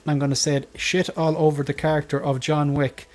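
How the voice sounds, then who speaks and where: A man's voice: fairly high pitch, flat delivery, a little fast, darkish tone, faint music behind. A man hosting a collectors' livestream panel, chatting casually with his co-hosts, rambling and laughing as he goes. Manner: rambling, restarts and trails off, laughs often. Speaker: livestream host.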